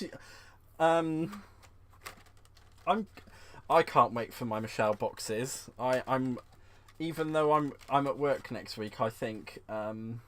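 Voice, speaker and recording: A man hosting a live crafting stream at home, chatting to viewers. He is bubbly and excitable, giggles often and uses fond terms like "sweetheart" as he works at a desk mic. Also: a little high. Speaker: crafting livestream host. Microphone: desk microphone.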